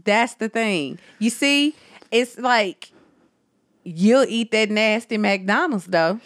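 Animated woman telling stories casually. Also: a little high, slow, no echo, studio quality. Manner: animated storyteller, addresses listeners as y'all. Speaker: podcast co-host. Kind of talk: casual chat.

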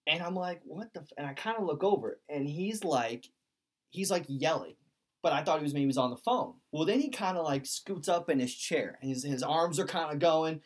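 A man's voice: a little high, lively intonation, normal speed. A young man telling a story in a casual chat, rambling with many fillers and acting out what people said. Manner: rambling, lots of "like", quotes people in voices. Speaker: podcast host.

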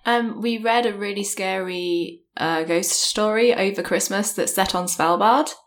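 A woman's voice: medium pitch, unhurried. A woman co-hosting a book podcast, chatting casually as a guest, with many ums and restarts.

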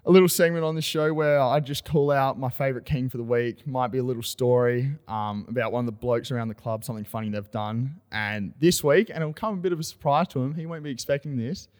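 An Australian man co-hosting a casual podcast, telling club stories with animated banter. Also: medium pitch, fast, hardly any pauses, in a large hall. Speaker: podcast co-host. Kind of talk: casual chat.

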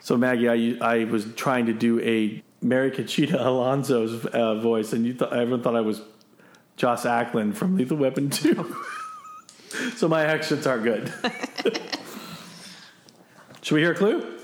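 Male quiz host, chatty and self-mocking, average pitch, roomy echo on the recording. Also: a little slow, long pauses, slight background noise. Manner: self-deprecating, chatty, laughing often. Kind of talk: casual podcast quiz hosting.

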